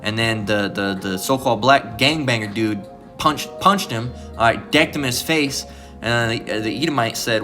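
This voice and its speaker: A man preaching an informal lesson in a bright, edgy voice. He is emphatic, swears freely and keeps checking in with "all right?". Faint guitar music sits behind him. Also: medium pitch, moderate pace. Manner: emphatic and profane, repeats "all right?" constantly.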